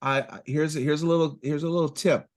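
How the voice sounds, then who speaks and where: A man in casual conversation, telling stories with excitement and acting out his exchanges with patients. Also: on the high side, quick pace. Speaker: chiropractic practice coach.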